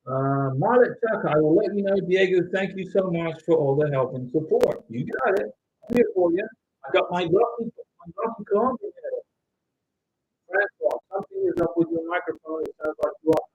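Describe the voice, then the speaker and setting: A middle-aged man hosting a casual livestream, loudly reading out viewer comments and giving advice, at times yelling. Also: high voice, normal speed, breathy edge, no room sound, lo-fi sound. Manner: loud, animated, at times yelling. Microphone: home microphone with interference noted by viewers.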